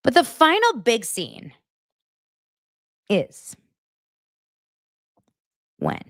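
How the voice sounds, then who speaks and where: A woman's voice: on the high side, huge pitch swings, extremely slow, no echo, studio quality. A woman hosting a podcast, giving a chatty, gossipy recap of a reality TV show with blunt opinions. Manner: chatty and gossipy, heavy use of "like"; blunt and judgmental. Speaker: podcast host.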